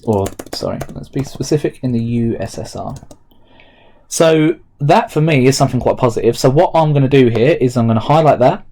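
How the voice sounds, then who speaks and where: A male teacher talks students through a remote lesson, explaining each step aloud as he types notes. His voice is mellow and relaxed, sitting at an ordinary middle pitch. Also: a little fast. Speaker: history teacher. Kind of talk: recorded remote lesson walkthrough.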